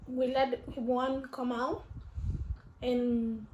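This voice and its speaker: A woman's voice: fairly high pitch, level tone, extremely slow, a little mellow, muffled recording. A young woman vlogger telling a personal story at home in a rambling, emotional way, full of fillers and restarts. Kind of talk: casual storytelling while eating. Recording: roomy room with faint noise.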